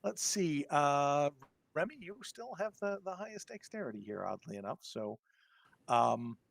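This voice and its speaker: A man's voice: fairly high pitch, very animated, vocal fry, no room sound. A man narrates a tabletop horror game as its game master. He sits right on a dry, close mic and stumbles through his descriptions with frequent ums and restarts. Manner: halting, lots of ums and restarts.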